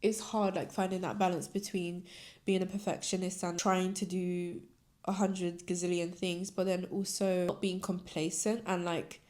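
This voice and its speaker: Her voice is on the low side, level and a little mellow, at a moderate pace, as this young woman hosts a casual podcast solo. She rambles candidly with many fillers, often "like," and is tearful, crying at times.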